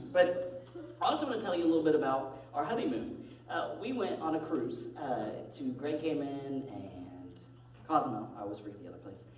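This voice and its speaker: A man's voice: a little fast, a crowd in the background. A young man in his twenties telling self-deprecating comic stories about his marriage in a monologue, heard from a distant mic in an echoey room. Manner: animated, self-deprecating, jumps into high-pitched voices. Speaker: comedic monologue performer. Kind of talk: comedic storytelling monologue.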